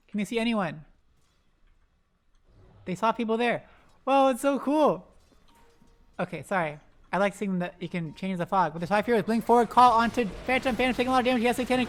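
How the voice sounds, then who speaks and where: An esports caster giving live play-by-play commentary, rapid-fire and excitable, breaking into loud exclamations and talking to the players on screen. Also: medium pitch. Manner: talks to the players on screen, self-deprecating asides.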